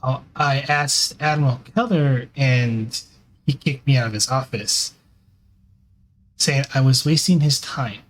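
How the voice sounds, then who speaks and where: A man's voice: medium pitch, unhurried, fairly bright tone, close to an everyday voice. A man voicing a persistent female news reporter in a tabletop role-play, asking pointed questions. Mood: insistent. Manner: pushy, determined questioning.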